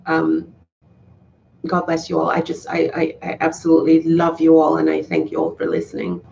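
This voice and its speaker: A woman's voice: low voice, moderate pace, gravelly, dark tone, slight background noise. A woman talking to her viewers in a casual live stream, heartfelt and earnest, often restarting her sentences. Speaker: YouTuber talking to live chat. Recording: slightly dull, lo-fi sound.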